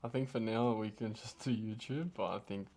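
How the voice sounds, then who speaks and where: A man's voice: fairly low pitch, steady tone, fairly quick, a little mellow, slight background noise. A young man co-hosting a podcast, chatting casually in a rambling way with lots of fillers. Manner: rambling, filler-heavy talk. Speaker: podcast co-host. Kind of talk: casual chat.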